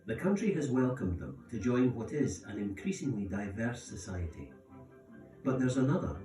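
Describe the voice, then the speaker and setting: A man narrating a documentary in a measured, scripted way. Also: fairly low pitch. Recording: roomy sound, distant from mic, music bed.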